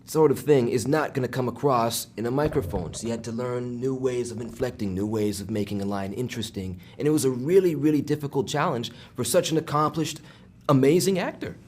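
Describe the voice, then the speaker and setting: A man's voice: medium pitch, a little fast, a little mellow, slight background noise. A man who works as a voice actor, giving long, considered answers in a casual interview. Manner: thoughtful, explains at length in full sentences. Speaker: voice actor guest.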